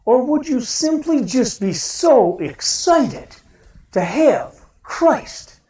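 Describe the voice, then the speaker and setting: Animated Midwestern pastor in an echoey church. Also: male voice, extremely high pitch, very slow. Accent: Midwestern American. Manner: animated, shouts a cheerful greeting, talks to the congregation with questions. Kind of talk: lively sermon. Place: church sanctuary. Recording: roomy church sound from a distance.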